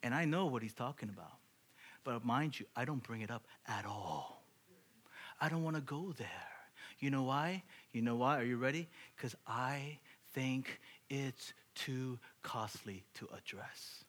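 A man's voice: medium pitch, a little slow. A man in his thirties preaching, telling a story and acting out the dialogue, often dropping to a whisper for emphasis. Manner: animated, acts out dialogue, drops to whispers for emphasis. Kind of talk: sermon illustration storytelling.

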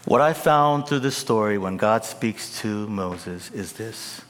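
A man preaching a sermon, swinging from loud, high emphatic peaks to low, casual asides. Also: animated, takes it slowly. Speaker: pastor. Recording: long hall reverb.

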